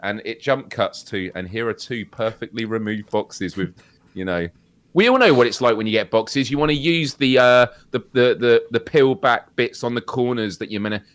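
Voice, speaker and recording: A man's voice: mid-range voice, normal speed, no room sound. Chatty man, laughing storyteller. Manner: rambling, laughs often, animated storytelling. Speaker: podcast co-host. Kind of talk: casual chat.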